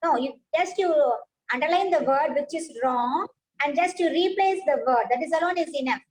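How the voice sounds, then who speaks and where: A woman's voice: high-pitched, normal speed, poor audio. A woman, teaching a science class, patiently repeating points and praising pupils by name.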